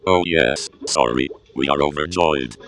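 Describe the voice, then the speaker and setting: A man's voice: very deep voice, unhurried, a bit bright, voice pushed down. A man voicing a dry robot assistant that reads out "exclamation" after his exclamations. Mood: flat.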